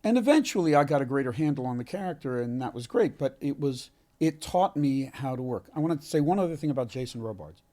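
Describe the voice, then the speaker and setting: A man, an actor being interviewed, telling a heartfelt story in an earnest, halting way with many restarts. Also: medium pitch, animated, mellow. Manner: halting, frequent restarts and self-corrections. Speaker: actor, podcast guest.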